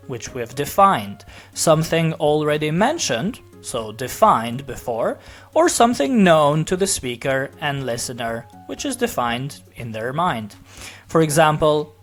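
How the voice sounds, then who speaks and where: Teacher voice for a grammar lesson: very slow and lively in pitch, careful repetition of each example, soft music underneath. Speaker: language teacher.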